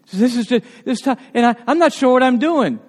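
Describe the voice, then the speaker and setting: A man preaching a sermon as pastor, telling stories in an animated way and often restarting his words. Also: extremely high pitch, a little fast, long reverb tail. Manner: animated storytelling with frequent restarts.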